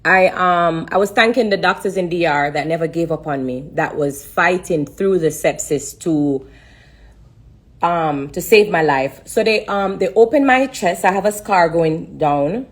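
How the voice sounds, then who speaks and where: A woman giving an emotional personal testimony on a live stream, halting and repeating herself with many pauses and fillers. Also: on the low side.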